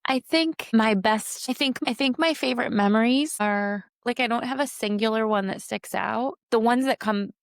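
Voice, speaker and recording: A woman's voice: on the high side, moderate pace, few pauses, no room sound, clean studio sound. A woman in her thirties, a mother hosting a casual chat with her daughter, explaining herself at length with lots of fillers. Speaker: mother and podcast host. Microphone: table mic.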